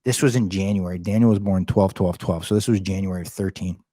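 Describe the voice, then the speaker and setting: A man with a husky, somewhat low voice tells a story on a podcast, loud and full of curses. He throws in bro and dude all the time, in a dry, close recording with no room sound. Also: fairly even intonation, a little fast, no room sound. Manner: loud, heavily profane, fired-up storytelling; slangy, calls listeners bro and dude. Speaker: podcast guest, realty company head. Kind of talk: casual storytelling chat.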